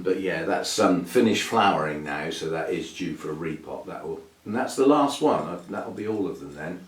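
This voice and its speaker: Male host, low voice, meandering casual chat, echoey room. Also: recorded from a distance. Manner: rambling and chatty, with fillers and soft laughs. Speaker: orchid channel host. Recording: echoey room, voice a bit off-mic.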